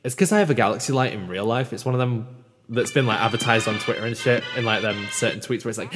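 A man hosting a let's play, commenting in a sweary, animated way. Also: lowish voice, brisk. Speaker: gaming channel host. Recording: roomy reverb with game music behind.

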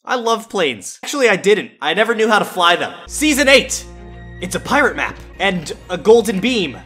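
Excitable, bright-voiced gaming reactor. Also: mid-range voice, normal speed, faint music behind. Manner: excitable, bursts into shouts and exclamations; reminiscing aloud, chatty. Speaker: gaming YouTuber reacting to trailers.

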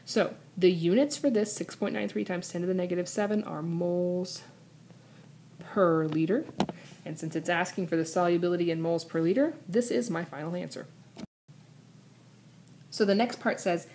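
A woman teacher explaining a chemistry problem step by step, slowing down to spell out equations and numbers. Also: on the low side, a little hiss or hum. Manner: steady step-by-step explaining, slows down to read out equations. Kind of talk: recorded classroom lesson.

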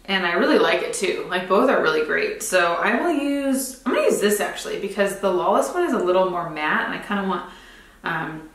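A woman's voice: on the low side, sing-song, brisk. Chatty young woman in an echoey room. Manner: chatty, rambling, lots of "like" and "um". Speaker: beauty vlogger. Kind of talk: casual makeup tutorial chat. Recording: roomy echo.

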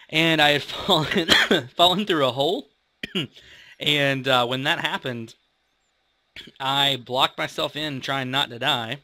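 A man's voice: medium pitch, sharp tone, dry recording. A young man hosting a casual gaming video, rambling and chatty as he plays and pokes fun at himself. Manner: rambling, chatty, self-mocking. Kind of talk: casual let's-play commentary.

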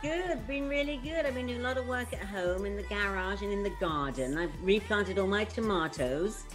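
A woman who is a regular on a panel, chatting in an easygoing, relaxed way. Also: medium pitch, moderate pace, over music. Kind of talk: casual panel chat.

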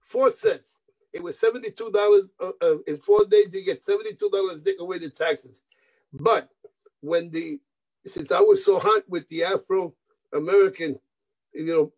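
High-voiced older man telling stories. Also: rough recording. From New York. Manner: animated, repeats words, acts out quoted voices, laughs often; slips into Spanish phrases. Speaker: guest musician. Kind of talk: anecdotal interview storytelling.

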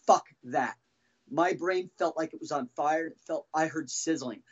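A man telling his own story as a podcast guest, halting and restarting often as he talks. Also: fairly high pitch, breathy edge, lo-fi sound. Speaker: guest, former band drummer. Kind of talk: casual podcast interview storytelling.

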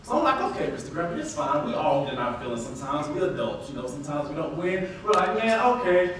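Animated male teacher speaking in echoey hall. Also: fast talker, slight background noise. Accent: Southern US. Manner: animated, acts out quotes with big pitch jumps. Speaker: elementary school teacher, guest speaker. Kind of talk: storytelling speech to an audience. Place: large hall. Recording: echoey hall recording from far off.

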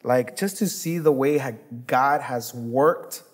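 A man's voice: medium pitch, takes it slowly. A man, a pastor co-hosting, talking earnestly and casually, with frequent affirming interjections. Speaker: pastor, co-host. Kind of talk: casual conversation.

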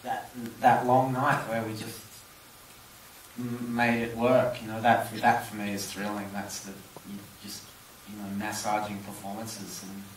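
A man's voice: lowish voice, little pitch movement, a little slow, slight background noise. A film director at a live audience Q&A, answering thoughtfully and searching for his words. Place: cinema auditorium. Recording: roomy hall, distant mic.

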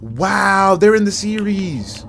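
A young man calls out reactions to a video, hyped and loud with slang. His voice sits a bit high and jumps all over the place. Loud music plays behind him. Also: sing-song, takes it slowly, gravelly. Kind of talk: excited reaction commentary.

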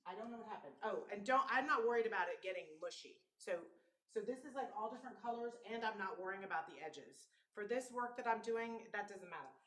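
A woman hosting a live painting stream, chatting casually and telling animated stories with casual swearing. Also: medium pitch, a little fast, recorded from a distance. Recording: echoey room.

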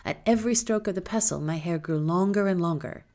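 A woman voicing a cunning young village girl in a high, hushed, breathy voice. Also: a little fast, close to an everyday voice. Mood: sly.

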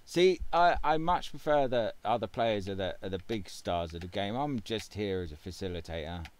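A man's voice: fairly low pitch, animated, moderate pace, smooth, dry recording. A man hosting a casual gaming video at home, rambling and wry with plenty of fillers. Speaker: gaming channel host.

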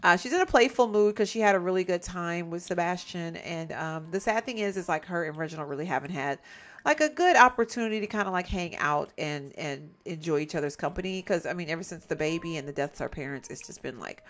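Woman chatting thru a sims game, super animated, kinda exasperated, lots of y'all. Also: fairly low pitch. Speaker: gameplay commentator. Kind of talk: casual let's-play commentary.

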